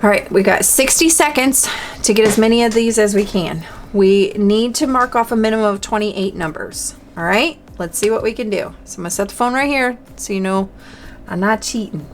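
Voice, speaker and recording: A woman's voice: mid-range voice, expressive, moderate pace, a little hiss or hum. A woman hosting a budgeting channel, chatting casually to camera while playing a dice game, talking to herself and counting aloud.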